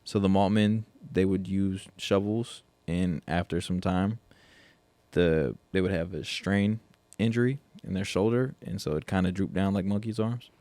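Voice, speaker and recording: A man's voice: low-pitched, measured pace, warm tone, dry recording. A young man co-hosting a casual podcast, laid-back and laughing often as he reads a whiskey label aloud. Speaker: podcast co-host. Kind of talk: casual chat, tasting whiskey.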